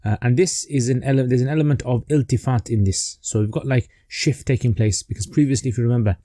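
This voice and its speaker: Male online teacher, dark mellow tone, laid-back explaining, dry close sound. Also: mid-range voice, fast talker, no room sound. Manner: relaxed explaining, with fillers and restarts. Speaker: teacher of Quranic rhetoric. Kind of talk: casual online lesson.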